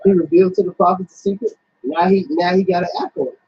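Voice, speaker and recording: A man's voice: high voice, steady tone, fast talker, husky. A man talking emphatically and profanely, repeating his words, in a casual religious discussion. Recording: dull lo-fi recording.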